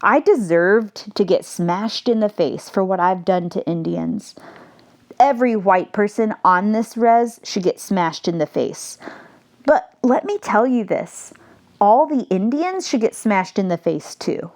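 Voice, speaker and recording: A woman's voice: mid-range voice, lively intonation, unhurried, a little mellow. A woman reading the lines of an earnest, troubled middle-aged male teacher in an audiobook, urgent and pleading.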